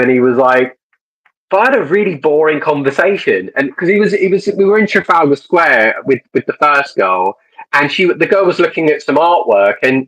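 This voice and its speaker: Husky man telling a story. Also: medium pitch, fairly bright tone, low-quality recording. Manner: rambling, many restarts and fillers. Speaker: dating coach. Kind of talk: casual storytelling monologue.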